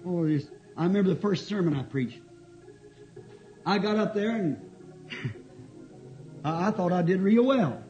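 A man preaching a folksy, fervent sermon and telling stories, with sudden shouts. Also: sits high, lively intonation, measured pace, pauses often. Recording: dull lo-fi old tape, faint music.

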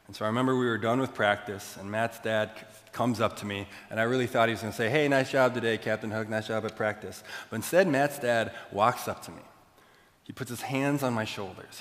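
A young man preaching, telling a self-deprecating story in an animated way to his church. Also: on the low side. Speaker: pastor. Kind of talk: storytelling sermon. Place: large church hall. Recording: long hall reverb.

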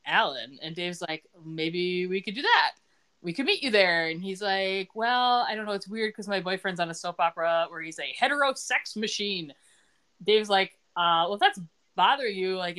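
A woman's voice: lowish voice, fairly bright tone. Chatty woman recapping a show. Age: middle-aged. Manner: chatty, retells scenes with quoted lines and laughs. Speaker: podcast host recapping a TV episode. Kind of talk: casual chat.

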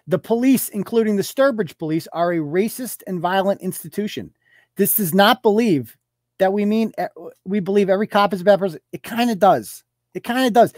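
A man's voice: sits high, darkish tone, no echo, clean studio sound. A man hosting a live show, ranting with profanity and sarcasm and firing off mocking rhetorical questions while reading rules aloud.

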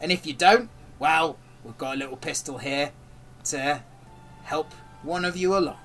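A menacing gunman drawls out the rules in a raised, sharp voice, as a man puts him on. He stays pitched high and bright the whole time. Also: moderate pace, recorded from a distance, soft background music, close to an everyday voice. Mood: threatening. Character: menacing male gunman running the fight.

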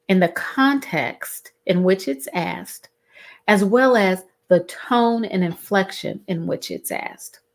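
A middle-aged woman, talking to her listeners in a casual, expressive way and acting out the questions she quotes. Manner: expressive, acts out quoted questions with big pitch swings. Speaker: host.

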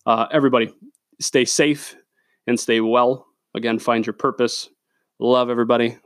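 A man's voice: medium pitch, fairly even intonation, moderate pace, no echo, clean studio sound. A man hosting a solo sports podcast, ranting bluntly and profanely, with lots of "uh" and "again". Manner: blunt, profane, opinionated, with many fillers. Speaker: podcast host. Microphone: studio microphone.

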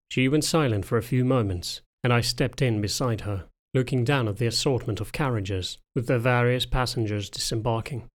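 A man reading a novel aloud as a first-person audiobook narrator, in a calm, measured way. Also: medium pitch.

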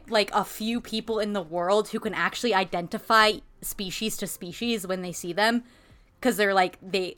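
A young woman chats on a podcast in a bright, clear tone. She rambles a bit, fills gaps with "like", and keeps slipping into giggles. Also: mid-range voice. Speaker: podcast co-host. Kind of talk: casual chat.

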